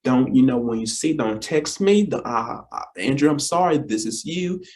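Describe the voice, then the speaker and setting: A man's voice: mid-range voice, lively intonation, moderate pace, darkish tone. A young man in his twenties talking casually to camera, rambling and repeating himself, teasing and apologizing, often calling out to "you guys". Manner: playful, teasing then apologetic. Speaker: vlogger and talk show co-host.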